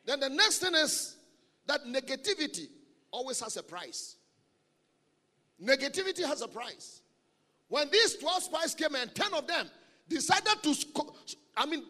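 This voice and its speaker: High-voiced man preaching in a reverberant hall. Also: measured pace, pauses often. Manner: animated, humorous, repeats key phrases. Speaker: guest preacher. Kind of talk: sermon. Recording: long reverb of a large hall.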